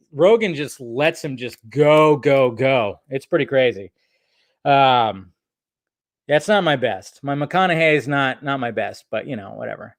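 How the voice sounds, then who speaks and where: Casual male film-talk host, a touch high-pitched, loose and profane. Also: no echo, studio quality. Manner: rambling, profane, lots of fillers and restarts. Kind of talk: casual podcast chat.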